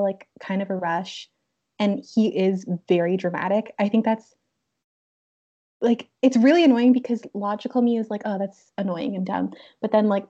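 A woman's voice: mid-range voice, mellow. A young woman co-hosting a podcast in casual chat, giggly and full of "like" fillers. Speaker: podcast co-host. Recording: dull lo-fi sound.

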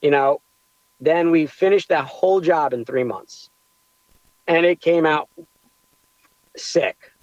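Young guy chatting about his pizza place, kinda high voice, sounds a bit dull and lo-fi. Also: slow, pauses often, no room sound. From United States. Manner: animated, rambling with restarts. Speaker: pizzeria owner, guest. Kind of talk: casual storytelling interview.

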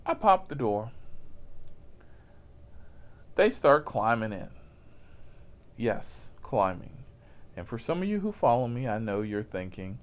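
A man's voice: mid-range voice, very animated, slow pace, long pauses. A man telling a profane, comic story about his rideshare job in a casual voice, laughing at himself as he goes.

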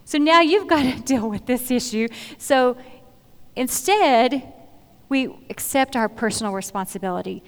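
A woman's voice: high voice, lively intonation, a little slow. Woman teaching Bible lessons in an echoing hall. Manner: earnest, conversational, repeats phrases while finding words. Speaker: speaker at a church talk. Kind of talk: sermon-style Bible teaching. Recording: long hall reverb.

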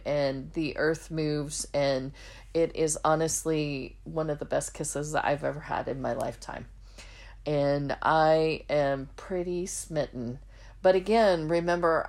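A woman's voice: on the low side, a little mellow. Earnest woman telling her testimony. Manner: earnest, heartfelt storytelling; acts out quoted dialogue in her story. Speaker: podcast host. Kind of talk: personal testimony storytelling.

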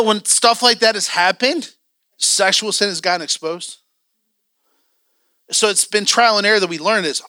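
High, bright-voiced male church teacher. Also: unhurried, pauses often, no room sound, studio quality. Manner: candid, joking, acts out quoted voices. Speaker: teacher of a church training class. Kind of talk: casual classroom teaching.

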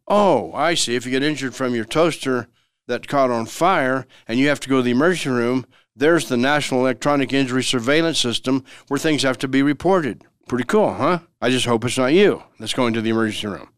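A man's voice: mid-range voice, clear, resonant tone, dry recording, clean studio sound. A man hosting a legal explainer podcast, folksy and repeating his key phrases for emphasis. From Denver, Colorado. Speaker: podcast host and lawyer.

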